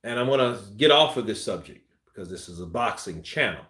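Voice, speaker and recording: A man's voice: on the low side, animated, brisk, bright, forceful tone. A man hosting a boxing live stream, reading viewer comments in a loose, joking way and laughing often. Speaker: boxing channel host. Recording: roomy echo.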